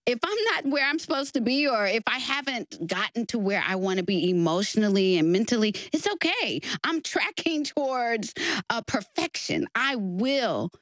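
A woman's voice: a little high, normal speed, no echo. A woman from Texas, a guest author in a faith-based conversation, telling stories with feeling and laughing easily. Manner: expressive storyteller, acts out quoted voices, laughs easily.

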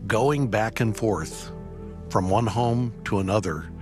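A man hosting a radio program, introducing clips in a measured, conversational way. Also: lowish voice. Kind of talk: broadcast hosting. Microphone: studio microphone. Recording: dry studio mic with faint music.

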